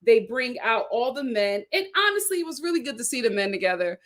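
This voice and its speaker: A woman's voice: a little high, a little fast. Woman hosting a reality tv recap stream, super dramatic, laughs a lot. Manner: animated, dramatic, laughing commentary. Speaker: reality TV review host.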